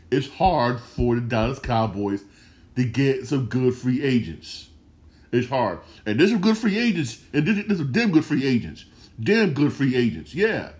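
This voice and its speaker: A man's voice: mid-range voice, very animated, measured pace. Emphatic slangy man repeating himself. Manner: repetitive, emphatic, slangy, restarts phrases. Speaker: sports podcast host. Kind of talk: casual solo sports commentary.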